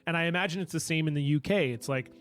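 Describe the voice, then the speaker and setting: A man's voice: a little high, quick pace, fairly bright tone, no echo, faint music behind. A man from Canada, a comedian guest, chatting casually on a podcast with lots of filler words.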